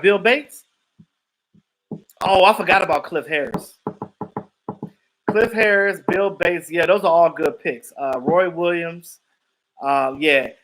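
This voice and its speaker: Animated high-voiced man chatting live. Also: poor audio. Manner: animated, laughs often, acts out quotes. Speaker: live stream host. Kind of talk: casual chat reacting to viewers.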